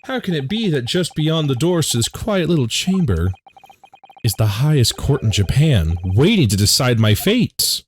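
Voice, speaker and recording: A man's voice: mid-range voice, sing-song, moderate pace, a little hiss or hum, pitched above the performer's own voice, lightly acted. A man voicing a nervous, apologetic young male law student on trial, reading game dialogue aloud. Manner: anxious, apologetic.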